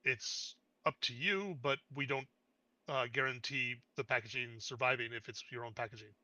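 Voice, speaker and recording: A man voicing a tired woman cashier at a shipping office, answering in a flat, businesslike way. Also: mid-range voice, normal speed, dry recording. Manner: flat, businesslike, matter-of-fact.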